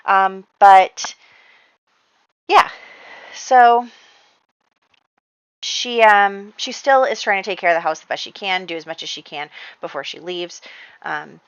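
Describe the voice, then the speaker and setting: A woman's voice: mid-range voice, slow, pauses often, clean tone, dry recording, lo-fi sound. A woman narrating a life-sim game in a chatty, casual storytelling way, full of fillers. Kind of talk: casual let's-play storytelling.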